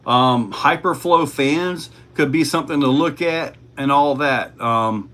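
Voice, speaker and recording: A man's voice: fairly high pitch, a little slow, fairly bright tone. A man hosting a casual livestream, reading chat questions aloud and answering in a laid-back way.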